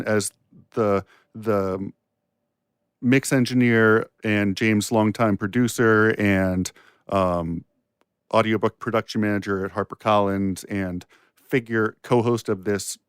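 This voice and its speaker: A man's voice: lowish voice, clear, resonant tone, no room sound, clean studio sound. A man co-hosting a podcast, chatting reflectively with many restarts. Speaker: podcast co-host and producer. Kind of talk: casual podcast chat.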